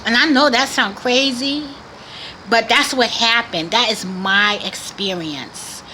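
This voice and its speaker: A woman's voice: on the high side, takes it slowly, pushed and bright, a little hiss or hum, low-quality recording. A woman vlogger earnestly sharing a religious testimony in casual, preachy talk, repeating phrases for emphasis. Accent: Boston area.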